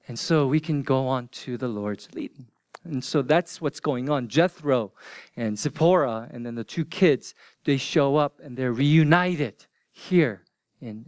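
A male pastor preaching a conversational sermon, dropping to hushed, almost whispered lines for emphasis. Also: fairly high pitch, no echo.

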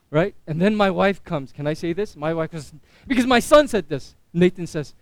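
Man, pastor, sermon, high voice, dry close sound, chatty, self-mocking. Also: big pitch swings, moderate pace, no echo. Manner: conversational preaching with self-mocking humor.

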